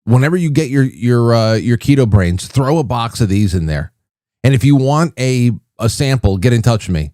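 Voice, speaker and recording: A man's voice: medium pitch, lively intonation, normal speed, warm tone, no echo, clean studio sound. A middle-aged man hosting a livestream, chatting casually to viewers and often repeating his words as he rambles. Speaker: livestream host.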